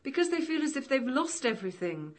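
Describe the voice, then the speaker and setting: Woman playing a grieving, soft-spoken mother. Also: sits high, very animated, fairly quick. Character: grieving mother of a bomber, quietly earnest. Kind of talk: stage or radio drama acting.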